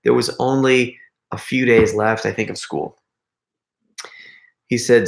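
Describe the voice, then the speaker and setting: A man's voice: medium pitch, fairly even intonation, unhurried, creaky, pauses often, echoey room. A middle-aged man hosting a casual livestream Q&A, rambling and chatting straight to his viewers. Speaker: YouTube prankster and channel host.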